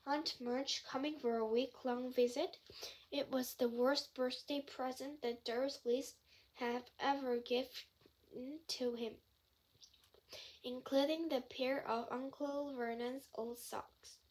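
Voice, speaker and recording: Woman reader, high pitch, slow and careful storybook narration with small restarts. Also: fairly even intonation, a little mellow, breathy edge, poor audio. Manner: careful reading with slips and restarts. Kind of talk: reading a novel aloud.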